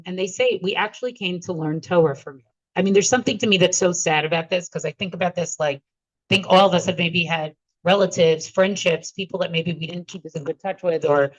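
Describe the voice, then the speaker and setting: A woman's voice: fairly low pitch, no room sound, poor audio. A woman giving a Talmud class, reading the text and translating it line by line, checking in with her listeners as she goes. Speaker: teacher.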